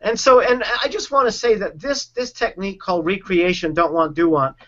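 Man, high voice, earnest coach, explains a method, acts out quotes, dull lo-fi sound. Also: a little fast, sharp tone. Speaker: relationship and sales coach. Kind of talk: explaining a technique in a conversation.

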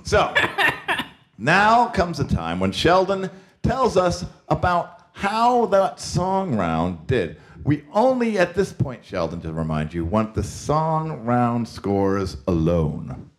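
A man's voice: medium pitch, wildly swooping pitch, slow. A man playing a showy game show host who announces contestants in flowery words. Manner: showman announcer, flowery phrases.

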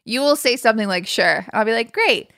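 A woman's voice: on the high side, racing, a bit bright, dry recording, clean studio sound. A woman co-hosting a podcast in casual chat, teasing her friend and then speaking earnestly. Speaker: podcast co-host.

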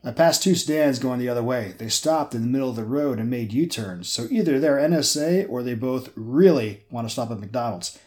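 A man's voice: mid-range voice, expressive, fairly quick, hardly any pauses, a little mellow, lightly acted. Wry male driver under pressure, a man reading it in his own voice. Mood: tense.

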